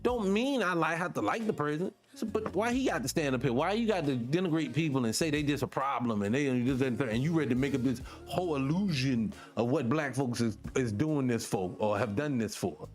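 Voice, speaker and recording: A man's voice: lively intonation, a little fast, hardly any pauses. A man hosting a morning talk show, giving blunt, profane commentary on clips he plays. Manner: emphatic, blunt, profane, swings up in pitch when making a point. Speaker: host. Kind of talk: casual commentary reacting to clips.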